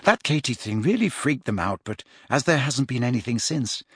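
A man's voice: medium pitch, sing-song, moderate pace, fairly bright tone, slightly rough, no echo, studio quality. A man voicing an eager, gossipy teenage schoolgirl in a storybook reading.

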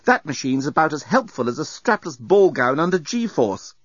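A man voicing a firm, level-headed woman in an audiobook, brisk in manner, on a dry, slightly dull recording. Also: fairly high pitch, sing-song, a bit bright, breathy edge, dry recording, voice pushed up, heavily acted. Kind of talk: audiobook character voice.

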